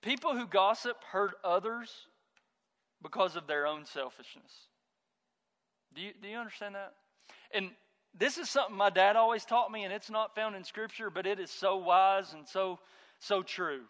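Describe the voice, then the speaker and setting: A high, bright male voice preaching a sermon in a church sanctuary. He is a pastor in his thirties who talks in an easy, conversational way and mixes in stories from home. His words ring out with a long reverb through the hall. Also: moderate pace.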